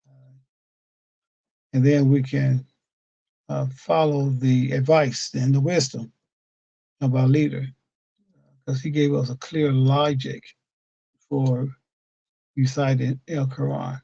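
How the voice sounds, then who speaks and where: A man leading a weekly scripture study lesson as a religious teacher, explaining patiently and pausing often with fillers, recorded on a computer mic at his desk. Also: mid-range voice, level tone, vocal fry, warm tone, no echo, lo-fi sound.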